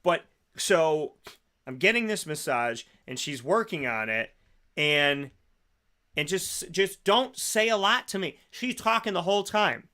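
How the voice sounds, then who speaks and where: A man hosting a radio show, telling a comic story in a lively way and acting out the people in it. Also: a little high, measured pace. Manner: animated, acts out quotes in other voices. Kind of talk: comedic storytelling monologue.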